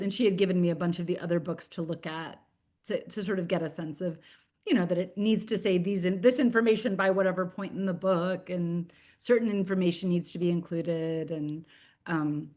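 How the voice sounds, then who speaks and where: A woman in her forties, a children's book author, chatting in an interview over a video call with lots of fillers and restarts. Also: on the low side.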